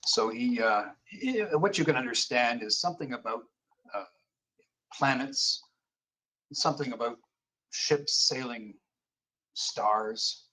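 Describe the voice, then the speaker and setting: A man narrating as game master of a tabletop horror game, halting with frequent fillers. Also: medium pitch, bright, forceful tone, low-quality recording.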